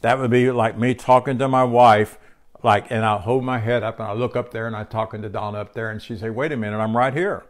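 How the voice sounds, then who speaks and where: Man giving a relaxed home sermon. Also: on the low side, fairly quick. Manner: conversational, with fillers and self-corrections. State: tired. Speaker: teacher of spiritual lessons. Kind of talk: home-recorded spiritual teaching. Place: home room.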